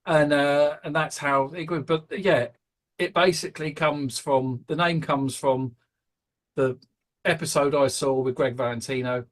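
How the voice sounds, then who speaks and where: A British man hosting a casual podcast, rambling with plenty of ums and restarts. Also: medium pitch. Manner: rambling, hesitant, many fillers. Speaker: podcast host.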